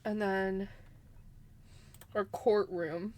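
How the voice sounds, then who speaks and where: A woman's voice: mid-range voice, steady tone, extremely slow, a little mellow. A woman streamer chatting casually and giggling while she fiddles with her setup. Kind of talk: casual live-stream chat.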